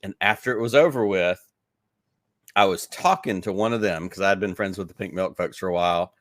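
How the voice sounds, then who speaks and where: A man with a Southern US accent speaks in a low voice, recorded close and dry with no room sound. He rambles eagerly through his stories, leaning on "like" as he goes. It sounds like a relaxed podcast interview. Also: fairly quick, no echo. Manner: enthusiastic rambling storyteller, many "like"s. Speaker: podcast guest. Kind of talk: casual interview chat.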